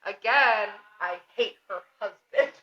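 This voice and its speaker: A young woman co-hosting a podcast, recapping a comic in animated, casual talk, laughing and swearing freely. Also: mid-range voice, takes it slowly. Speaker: podcast co-host. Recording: roomy, distant, dull lo-fi sound.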